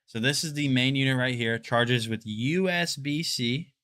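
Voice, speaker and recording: A young man hosting a live product showcase stream, chatting casually and excitably straight to his viewers. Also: mid-range voice, measured pace. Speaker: livestream product showcase host.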